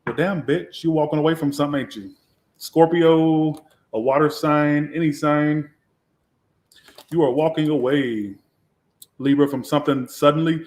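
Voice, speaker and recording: A man's voice: on the high side, steady tone, moderate pace, long pauses, darkish tone. A man giving a casual live tarot reading, talking in a blunt, sassy way with a lot of swearing. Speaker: tarot reader. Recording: echoey room.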